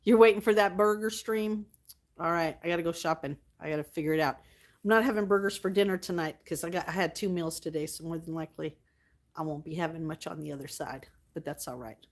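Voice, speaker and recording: A woman hosting her livestream, chatting casually with viewers, reading their comments aloud and thanking them warmly. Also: on the low side, fast talker. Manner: affectionate, thanks viewers often. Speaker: livestream host.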